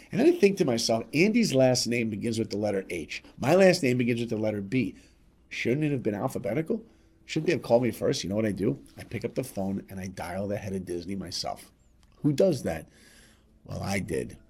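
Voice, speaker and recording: A middle-aged man from New York with a husky, slightly breathy voice. He tells a motivational story with lots of energy, acting out each voice in it. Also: medium pitch, a little fast. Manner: animated, acts out voices in his stories.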